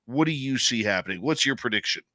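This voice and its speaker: A man hosting a radio show, questioning his guest in a brisk, businesslike way. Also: medium pitch, lively intonation, bright, forceful tone, dry recording. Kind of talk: radio interview.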